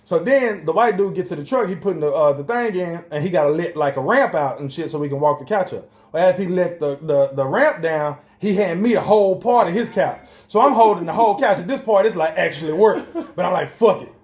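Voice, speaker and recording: A man co-hosting a podcast, telling a funny story in casual chat, laughing and jumping up in pitch at the punchlines. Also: a little fast, hardly any pauses, roomy sound. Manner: animated, laughs and jumps high in pitch at punchlines. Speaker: podcast co-host.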